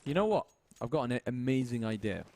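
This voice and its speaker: A man casting a competitive shooter game match with fast, joking play-by-play commentary. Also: medium pitch, expressive, warm tone. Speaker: esports caster.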